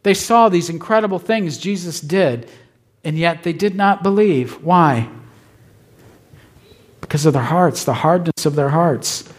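A man's voice: a little high, unhurried, pauses often. A male pastor preaching a sermon with emphatic repetition, often checking in with his listeners. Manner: emphatic, asks the congregation "right?".

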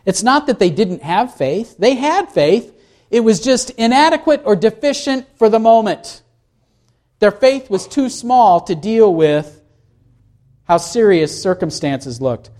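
A man with a high, a little mellow voice and lively intonation preaches a little slowly. The pastor reads scripture aloud and turns to the congregation with questions as he explains it.

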